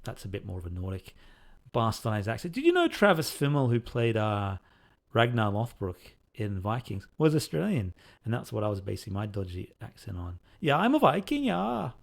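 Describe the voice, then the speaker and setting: Low-voiced man chatting through a devlog. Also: a little fast, gravelly. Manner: relaxed, rambling, many fillers. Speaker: indie game developer. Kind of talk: casual gameplay devlog commentary.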